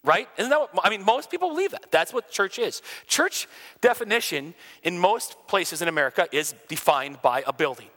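Animated storytelling pastor, bright voice. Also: male voice, high voice, moderate pace, in a large hall. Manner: animated storyteller, swings loud and soft. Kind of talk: storytelling in a conversation.

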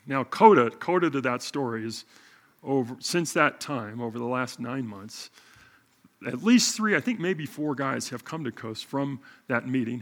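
Middle-aged pastor guy telling a funny story from the pulpit, bright tense tone. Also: mid-range voice. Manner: animated, self-mocking storyteller. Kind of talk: sermon storytelling.

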